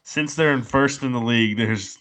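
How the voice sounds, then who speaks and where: A man co-hosting a casual podcast, deadpan as he tells an odd news story. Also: mid-range voice, moderate pace. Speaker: podcast co-host.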